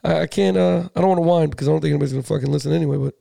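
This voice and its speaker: A man co-hosting a casual sports podcast, animated, swearing freely and tripping over his words. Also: fairly high pitch, racing, vocal fry, no room sound, studio quality. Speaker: podcast co-host.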